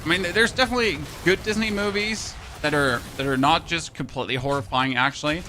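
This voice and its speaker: A man with a German accent rambles through casual stream chatter, swearing now and then and laughing at his own jokes. His voice sits a little on the high side. A steady layer of background noise runs under him. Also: a little fast. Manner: rambling, talks to chat, swears, laughs at himself. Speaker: game streamer. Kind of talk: casual live-stream chat.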